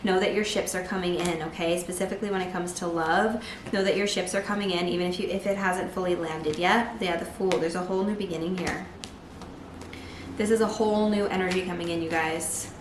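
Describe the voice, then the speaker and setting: Lower-voiced woman reading tarot in an echoey room. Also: fairly quick, noisy background. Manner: chatty, lots of "like", bursts of excitement. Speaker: tarot reader. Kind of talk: casual tarot reading to camera.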